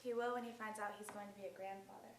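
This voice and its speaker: An actress playing a bold, defiant young barmaid in a school stage play, speaking sharp and confrontational. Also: female voice, medium pitch, steady tone, rapid-fire, lightly acted. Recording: echoey stage from far off with faint noise.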